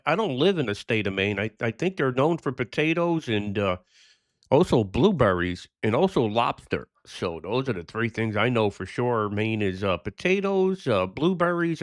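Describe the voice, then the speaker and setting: A man talks on the air during a ham radio contact. His pitch rises and falls with lively swings, and his voice sounds dry and close to the mic. He chats along easily, repeating himself and filling gaps with "uh". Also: normal speed, no room sound. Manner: chatty, repeats himself with fillers. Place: remote radio station in northeast Maine.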